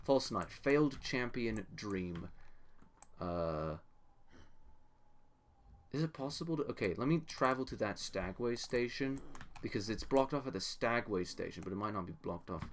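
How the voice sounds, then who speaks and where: A young man with a fairly low voice streams a game, rambling to himself and to his chat as he plays. Faint keyboard clicks sit behind his voice. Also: animated, measured pace, slight background noise. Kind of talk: live gameplay commentary.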